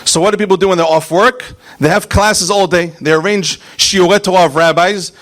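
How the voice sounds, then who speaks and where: A man, a rabbi, preaching a fiery sermon, punching out single words and then dropping to quiet asides. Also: sits high, steady tone, a little fast. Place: synagogue.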